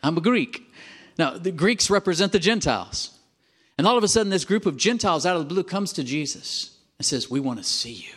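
Man preaching a lively sermon. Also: mid-range voice. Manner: animated, calls for amens from the congregation; swings from emphatic to quiet and drawn out.

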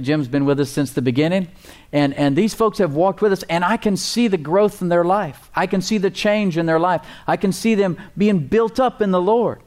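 A man's voice: on the high side, a little mellow. A man preaching a sermon as pastor, emphatic, with call-and-response asides and repeated words for emphasis.

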